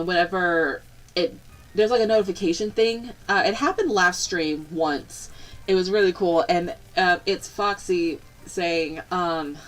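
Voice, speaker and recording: A young woman chatting casually on a live stream, rambling and bubbly, breaking into excited squeals. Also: on the low side, rough recording.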